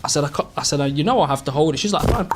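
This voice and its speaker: A man's voice: on the high side, expressive, very fast, music in the background. A man in an interview telling a bemused story about a fan, acting out the dialogue. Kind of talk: anecdote told in an interview.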